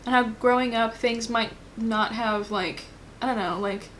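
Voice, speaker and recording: A woman's voice: a little high, steady tone, a little slow, fairly bright tone, a little hiss or hum. A woman giving a casual pick-a-card tarot reading, rambling and thinking aloud with lots of fillers. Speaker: tarot reader.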